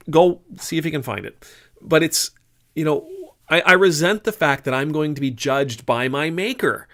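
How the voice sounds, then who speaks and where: Fairly quick and a bit bright, the man's voice is on the high side with lively intonation. Middle-aged, he gives an informal, sermon-like faith talk, thinking aloud with restarts and sudden emphatic bursts.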